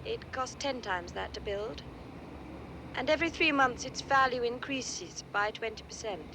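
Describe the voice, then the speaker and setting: Spoiled rich young woman, high and lively, cool and careless, noisy old film soundtrack. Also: unhurried. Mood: aloof. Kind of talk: film dialogue.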